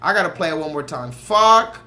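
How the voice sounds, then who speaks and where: High-voiced man ranting on a stream. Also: animated, normal speed, fairly bright tone. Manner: ranting, asks chat questions, profane. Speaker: streamer host. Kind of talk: casual livestream commentary.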